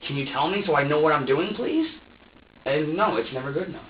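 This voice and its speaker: A man's voice: a little high, lively intonation, a little fast, slight background noise. Rambling man in a tinny interview room. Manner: rambling, repetitive, defensive. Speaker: suspect being questioned. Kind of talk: police interrogation. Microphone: far room microphone. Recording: tinny, echoey room audio from far off.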